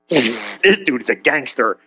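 A pastor delivers a comedic storytelling sermon, speaking slowly in a slightly rough male voice. He's animated and slangy, acting out every voice in the dialogue with big jumps in pitch.

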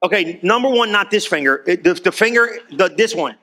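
In church, a pastor preaches to his congregation as if talking to a friend, urging them on with repeated calls for claps and amens. His voice is high, animated and brisk, with a pushed, bright quality.

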